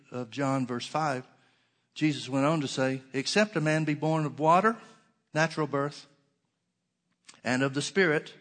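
Male preacher, earnest sermon delivery, a touch high-pitched, drawn-out scripture quotes. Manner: slows and stretches scripture quotes for emphasis; earnest, repeats key phrases.

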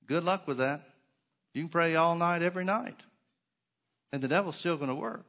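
A man's voice: fairly high pitch, expressive, fairly quick, vocal fry, pauses often, fairly bright tone. A man preaching a sermon as pastor, emphatic, with rhetorical questions and dry sarcastic asides.

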